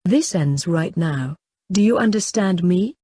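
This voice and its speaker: A woman voicing a tough teenage boy who speaks low, firm and menacing in an audiobook. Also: lively intonation, a little slow, mellow, husky. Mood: threatening. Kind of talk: audiobook character voice.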